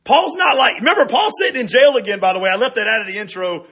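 A middle-aged man preaching with a high, bright voice. There is a husky grain to his tone. He talks to the congregation in a lively, conversational way, often asking "right?". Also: very fast. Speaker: pastor. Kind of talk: sermon.

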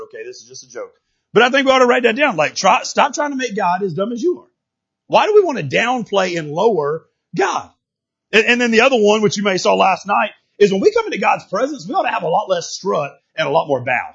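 A man's voice: sits high, creaky, fairly bright tone, slightly rough, lo-fi sound. A man preaching a sermon in a casual, emphatic way, often repeating and restarting his words.

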